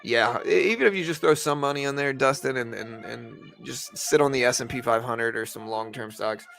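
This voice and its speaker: A man with a gravelly, fry-edged voice chats loosely to his live-stream audience from home. He rambles, circles back and drops easygoing fillers as he goes. Faint music plays underneath. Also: medium pitch, fairly quick, fairly bright tone. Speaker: trading live-stream host. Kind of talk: casual live-stream chat.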